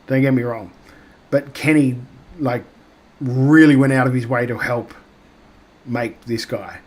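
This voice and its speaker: A man's voice: mid-range voice, fairly even intonation, measured pace, darkish tone. Rambling Australian man, podcast chat. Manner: rambling, filler-heavy, lots of restarts. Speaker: podcast co-host. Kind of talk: casual wrestling podcast chat.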